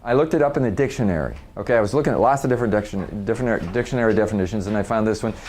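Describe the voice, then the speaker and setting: A man's voice: on the low side, very fast, darkish tone. A middle-aged man speaking live to an audience at a workshop. He talks in a conversational way, laughs often and restarts his sentences.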